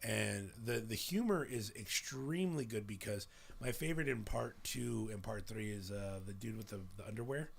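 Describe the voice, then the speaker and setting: A man's voice: lowish voice, moderate pace, creaky, breathy edge. A man in his thirties hosting a podcast, chatting casually and animatedly, swearing freely and acting out voices as he retells scenes. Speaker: podcast host. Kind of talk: casual chat.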